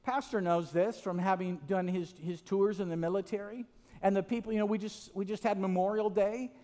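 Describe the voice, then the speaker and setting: Brief: high-pitched man preaching, long hall reverb, chatty and animated storytelling. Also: a little fast. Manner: animated storytelling with many restarts and "right?" asides. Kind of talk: sermon.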